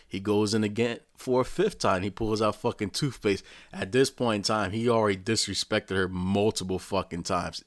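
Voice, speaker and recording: A man recapping a show in a rambling, profane, animated casual rant. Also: low voice, no echo, clean studio sound. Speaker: vlogger.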